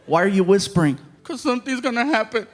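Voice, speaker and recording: A man doing a stand-up comedy routine, telling stories in an animated way and acting out other people's voices. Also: sits high, fast. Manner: animated storytelling, acts out voices. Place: comedy stage before a live audience. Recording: live stage audio with audience noise.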